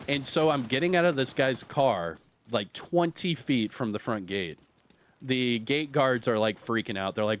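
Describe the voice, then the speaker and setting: A man in his thirties streaming a video game, telling a long story in a rambling, animated way with lots of fillers and laughter. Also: mid-range voice, normal speed, a little hiss or hum. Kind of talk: casual storytelling while streaming.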